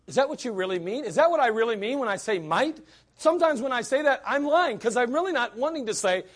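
Animated high-voiced man preaching bluntly. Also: fast talker. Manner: blunt, emphatic, rhetorical questions. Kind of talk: sermon.

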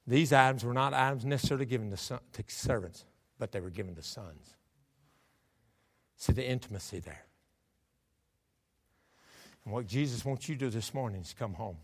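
In an echoey church sanctuary, a male pastor preaches a fervent sermon, calling on the congregation to answer back. His medium-pitched voice is animated, at a moderate pace with long pauses.

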